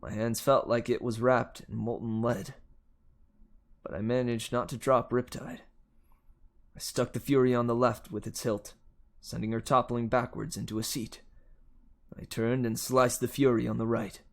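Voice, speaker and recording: A man reading a novel aloud, with steady first-person narration. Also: mid-range voice, moderate pace, creaky. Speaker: audiobook reader.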